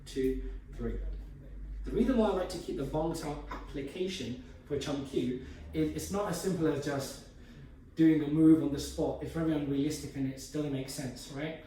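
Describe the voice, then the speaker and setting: A man's voice: on the high side, moderate pace, dark tone, heavy reverb. Male instructor, demonstrating as he talks; distant mic, hollow room, faint noise. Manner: explanatory, moving while demonstrating. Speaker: martial arts instructor. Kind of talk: demonstrating martial arts technique.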